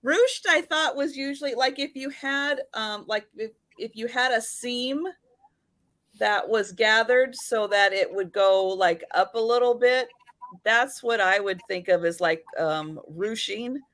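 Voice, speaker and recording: A woman's voice: a little high, a little slow, fairly bright tone, no echo. A woman with a Washington State accent, a guest on a live chat, talking with laughing, mock-indignant banter and many fillers. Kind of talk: casual live-stream chat.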